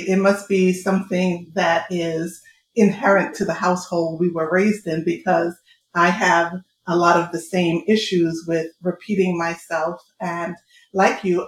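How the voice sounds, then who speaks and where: A woman chatting casually with her sisters, talking in short, direct sentences. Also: fairly low pitch. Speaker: podcast co-host. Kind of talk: casual chat among sisters. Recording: echoey room with faint noise.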